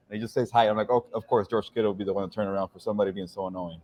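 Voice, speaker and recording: A man co-hosting a casual football podcast, talking quickly with many fillers. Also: fairly low pitch, poor audio. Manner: rapid, filler-heavy talk. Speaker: podcast co-host, football reporter. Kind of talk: casual sports podcast chat.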